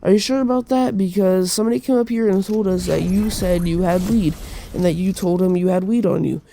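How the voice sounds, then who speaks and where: A woman's voice: on the low side, steady tone, a little fast, mellow, slight background noise, lightly acted. A man voicing a middle-aged female school counselor in a raised, coaxing mimicking voice. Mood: probing.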